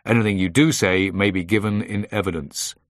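Guy reading as a stern grand police inspector, formal, low voice, dry sound. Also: a little fast, no echo, lightly acted. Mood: firm. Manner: formal, commanding. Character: grand, firm male detective inspector.

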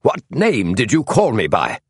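A man voicing a cold, commanding upper-class British gentleman detective who speaks curtly and demandingly, read within an audiobook. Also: low-pitched, big pitch swings, unhurried, slightly rough, no room sound, studio quality, exaggerated voice. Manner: curt, demanding, icy.

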